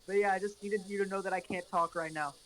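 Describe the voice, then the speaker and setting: Sex: male. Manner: deadpan, calling from the shower. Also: high-pitched, fast talker, low-quality recording. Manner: deadpan, dry. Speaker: friend calling in. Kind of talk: deadpan comedic phone bit. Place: in a running shower. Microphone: phone or video call. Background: faint shower noise.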